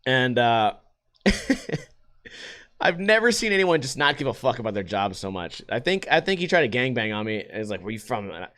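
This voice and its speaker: A man's voice: mid-range voice, normal speed. A young adult man from Las Vegas telling stories in a casual, profane rant, acting out what other people said. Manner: profane, animated, acts out quotes in other voices. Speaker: podcast host.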